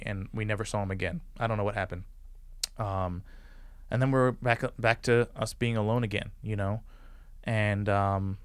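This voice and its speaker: A man's voice: lowish voice, fairly bright tone, no echo, studio quality. A man in his forties, a podcast guest, telling rambling stories from his life, full of "like" fillers and acted-out quotes. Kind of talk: casual storytelling interview.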